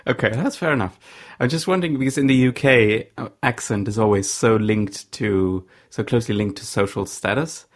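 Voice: mid-range voice, normal speed, few pauses. A podcast host asking curious, polite questions in a casual interview, with some hesitation.

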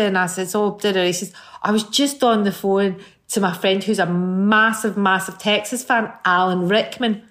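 A woman's voice: medium pitch, normal speed, few pauses. A middle-aged Scottish woman, a guest singer on a chat show, telling anecdotes and acting out the voices in them. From Scotland. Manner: animated storyteller, acts out voices in anecdotes.

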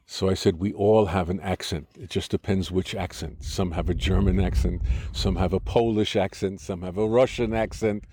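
A man's voice: low voice, steady tone, normal speed, hardly any pauses, dark tone, a little hiss or hum. Older American man arguing his point. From United States. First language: English. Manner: argumentative, explanatory, frequent restarts. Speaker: interviewee. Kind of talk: conversational interview.

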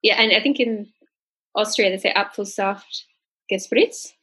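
A young adult woman telling a long story in casual chat, animated and acting out the people she quotes. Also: unhurried, breathy edge, rough recording. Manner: animated, acts out quoted people with pitch jumps. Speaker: podcast co-host telling a story.

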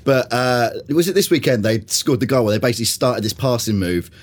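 A man's voice: medium pitch, expressive, fairly quick. A man hosting a casual football chat in a studio, joking, laughing often and putting questions to his panel. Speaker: podcast host.

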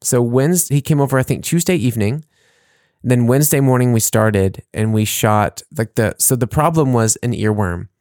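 A man's voice: medium pitch, normal speed, a little mellow, no room sound. Male podcast co-host, casual and rambling, mid-range voice, dry close mic. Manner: rambling, laughs at his own jokes. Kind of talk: casual chat.

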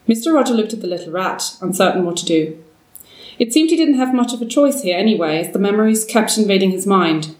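A woman narrating a story aloud in a measured, steady way. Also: medium pitch. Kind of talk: storybook reading. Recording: roomy, distant mic.

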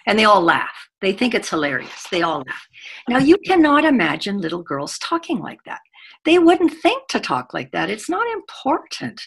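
A middle-aged woman, a corporate gender trainer, gives a conference talk with animated storytelling, acting out the children she quotes. Her mid-range voice is creaky and moves at normal speed, with slight background noise.

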